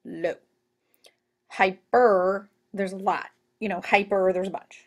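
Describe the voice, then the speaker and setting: A woman teacher giving a recorded classroom lecture in an animated, joking way, full of asides. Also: medium pitch, normal speed.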